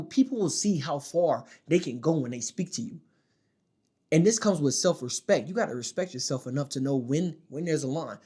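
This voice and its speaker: A man giving dating advice in a casual monologue to the camera, emphatic and slangy, often checking in with his listeners. His voice is not especially deep. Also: darkish tone. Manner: emphatic, slangy, keeps checking in with "all right?" and "my dog".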